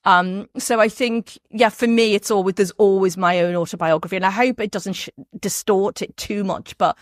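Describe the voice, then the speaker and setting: A woman from Merseyside with a softened Liverpool accent, talking as an interview guest in a lively way, often restarting her sentences. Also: medium pitch, no room sound, clean studio sound. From Merseyside, England. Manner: animated, quick, with frequent restarts and laughs. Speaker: guest, biographer. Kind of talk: casual interview talk.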